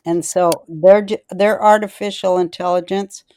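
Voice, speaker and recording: Woman host, smooth clear voice, dry close sound, rambling, profane, blunt storytelling. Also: lowish voice, steady tone, moderate pace, a little mellow, no echo. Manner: rambling, profane and blunt, loses her thread. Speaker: podcast host. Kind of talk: casual rambling storytelling chat.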